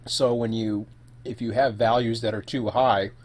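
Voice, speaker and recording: A man's voice: mid-range voice, fairly even intonation, moderate pace. Man rambling through a solo live stream. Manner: thinking aloud, rambling with fillers and self-corrections; eating while talking. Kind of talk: casual live-stream commentary.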